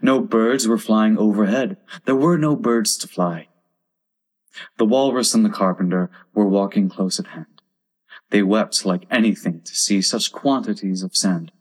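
A man narrating a storybook poem aloud in a steady, measured manner. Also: lowish voice.

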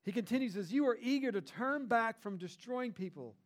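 High-voiced middle-aged male pastor preaching. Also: fairly quick. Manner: conversational, animated preaching with lively emphasis. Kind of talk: sermon.

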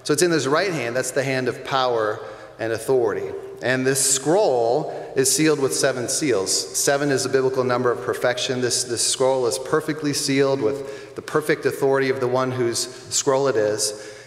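A man's voice: medium pitch, moderate pace. Man preaching in an echoey church. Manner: conversational, emphatic preaching with repeated phrases. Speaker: pastor. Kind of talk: sermon. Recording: echoey church hall with long reverb.

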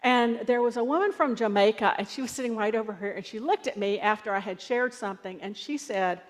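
A woman's voice: on the high side, a little fast. Woman preaching with hall reverb. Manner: conversational storytelling preacher. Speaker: pastor. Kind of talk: sermon.

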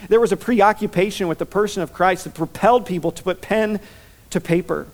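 Give me a high-voiced male pastor delivering an eager, animated sermon. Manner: enthusiastic, animated storytelling with quick repetitions.

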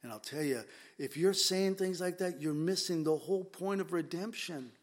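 A man with a slightly raised pitch delivers a conversational sermon. He speaks earnestly and emphatically to his listeners. He often repeats words as he drives a point home. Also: normal speed. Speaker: preacher.

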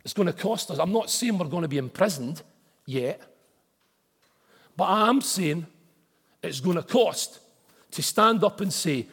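Man, pastor preaching; lively, husky voice; big church-hall reverb. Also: high-pitched, measured pace, pauses often. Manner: emphatic, rising to forceful repeated declarations. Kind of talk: sermon. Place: church auditorium.

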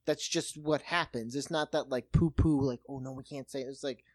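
A co-host in casual comedic chat, answering with quick jokes and affirmations. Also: mid-range voice, fairly even intonation, no echo. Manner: quick jokey replies and affirmations.

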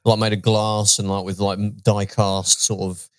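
A man co-hosting a podcast in casual chat, wry and jokey, trailing off softly. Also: on the low side, flat delivery, normal speed, clear, resonant tone, no room sound. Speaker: podcast co-host.

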